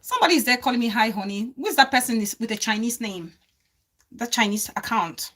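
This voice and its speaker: Bright-voiced woman lecturing her live-stream viewers. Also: a little high, animated, fast. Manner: earnest, repeats phrases for emphasis, stops to scold commenters. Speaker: livestream host.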